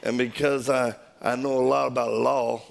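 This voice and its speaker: A man telling a personal story in an animated way, acting out the quoted voices and laughing as he goes. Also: mid-range voice, normal speed, vocal fry, a little hiss or hum.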